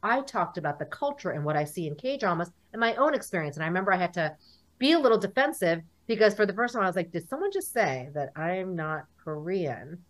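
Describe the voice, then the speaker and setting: Lively woman in her forties. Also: lowish voice, a little fast. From United States. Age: 40s. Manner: animated storyteller, acts out dialogue. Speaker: guest. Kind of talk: casual interview.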